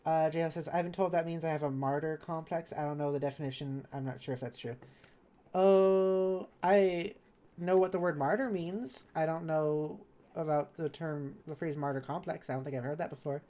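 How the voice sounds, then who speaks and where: A woman's voice: sits low, moderate pace, dark tone. A woman streamer in casual live chat while gaming, reading viewers' messages aloud and answering them kindly. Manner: chatty and self-correcting, with laughs.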